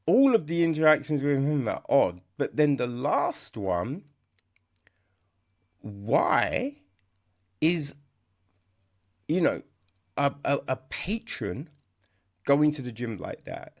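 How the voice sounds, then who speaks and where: Gravelly, lively podcast film reviewer. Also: medium pitch, slow, pauses often. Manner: conversational, keeps asking "right?", restarts often; sarcastic, mocks dialogue in exaggerated voices. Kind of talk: casual film review chat.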